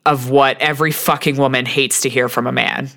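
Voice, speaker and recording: A woman's voice: very deep voice, fairly even intonation, a little fast, gravelly, fairly bright tone. A woman co-hosting a podcast in casual chat, frank and talkative, with lots of "like". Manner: chatty, frank, uses "like" a lot. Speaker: podcast co-host.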